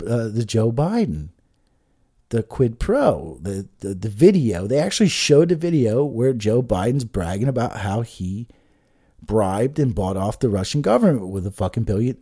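A man's voice: mid-range voice, dark tone. A man giving an agitated, profane political rant, full of restarts and swearing. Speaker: political commentator. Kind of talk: ranting political monologue.

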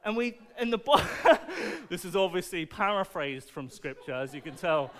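A high-pitched man with a smooth, clear voice preaches to a young audience. He is animated and playful, firing questions at the listeners and sounding upbeat. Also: normal speed, few pauses. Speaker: preacher at a children's church talk. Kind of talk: lively sermon to children with object lessons.

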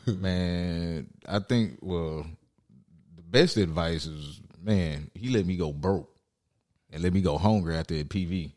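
A man's voice: low voice, a little slow. A young adult man in casual chat, telling stories and acting out what people said. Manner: animated storyteller, acts out quotes.

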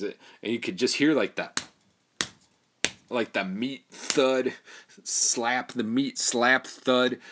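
A man's voice: lowish voice, a bit bright. A man casually telling a story in a rambling, profane way, full of fillers and restarts.

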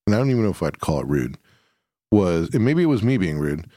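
A man's voice: low-pitched, sing-song, quick pace, dark tone, dry recording, studio quality. A man co-hosting a casual chat, laid-back and rambling, swearing freely as he tells travel stories.

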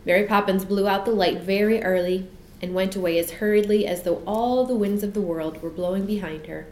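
A woman narrating a children's story in an expressive, measured way. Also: mid-range voice. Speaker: audiobook narrator. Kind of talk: storybook reading. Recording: echoey room with faint hiss.

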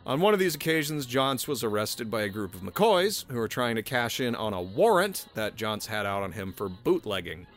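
A man's voice: mid-range voice, very animated, moderate pace, hardly any pauses, soft background music. Laughing sarcastic man telling a story. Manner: sarcastic, laughing, swears, restarts. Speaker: podcast host telling a history story. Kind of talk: casual chat.

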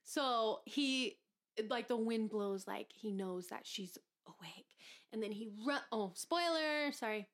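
A woman's voice: fairly high pitch, animated, takes it slowly. Playful woman reading movie trivia. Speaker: podcast co-host. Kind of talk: casual chat.

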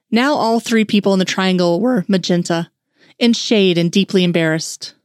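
A woman's voice: mid-range voice, normal speed, no room sound. Woman narrating fan fiction, dry sound.

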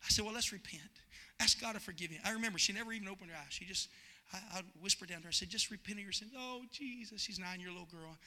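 A male pastor preaching a sermon, swinging from loud shouting to hushed storytelling. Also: high-pitched, rapid-fire.

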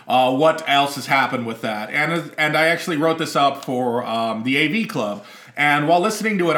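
A man's voice: a little high, a bit bright. A man in his thirties hosting a casual podcast chat, rambling with fillers and laughing often. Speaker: podcast host. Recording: echoey room.

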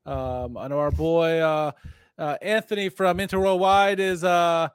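Chuckling man with a higher, dry voice. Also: steady tone, a little slow, clear, resonant tone, no room sound. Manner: chuckling, jokey, filler-heavy. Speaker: podcast co-host. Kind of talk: casual sports podcast chat.

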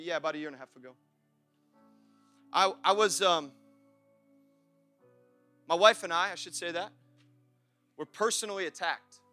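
A young man preaching a sermon at a church service, passionate, moving between shouted praise and quiet, personal confession. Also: high voice. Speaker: pastor.

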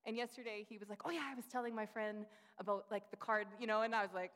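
A woman's voice: mid-range voice, fast talker, few pauses. A woman in her thirties preaching a sermon, telling personal family stories and acting out the voices of the people in them. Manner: animated storytelling, acting out quoted voices. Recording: long hall reverb.

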